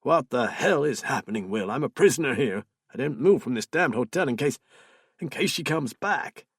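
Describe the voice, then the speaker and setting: A man reading as a distraught man whose ward has gone missing, husky and dry-toned, pleading and blaming himself. He sounds worn down and anguished, in a close, dead-sounding audiobook reading. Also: medium pitch, animated, normal speed, no echo.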